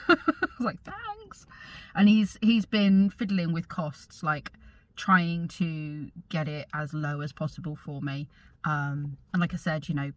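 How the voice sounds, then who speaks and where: A middle-aged woman vlogging in a chatty, rambling way, pausing to search for words and correcting herself as she talks. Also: sits low, dry recording. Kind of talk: casual chat to camera.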